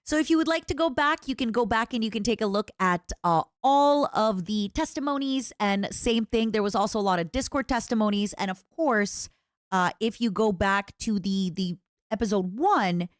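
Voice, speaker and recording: A woman streamer chatting casually with her viewers, rambling and animated, often restarting her sentences. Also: mid-range voice, no room sound, clean studio sound. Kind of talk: casual livestream chat.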